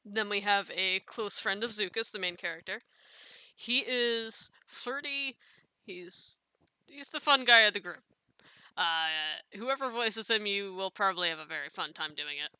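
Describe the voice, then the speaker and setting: Bright, clear-voiced woman running a casting call. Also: mid-range voice, animated, unhurried, dry recording. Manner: chatty, loose, with small restarts and fillers. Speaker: casting director for a fan comic dub. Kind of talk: casual casting call walkthrough.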